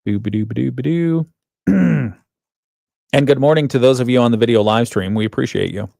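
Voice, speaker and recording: Hosting a radio morning show from the studio, a man reads out the headlines in casual banter, chatting and laughing often. His mid-range voice is gravelly and dark, animated and a little quick, captured on a studio microphone with no room sound.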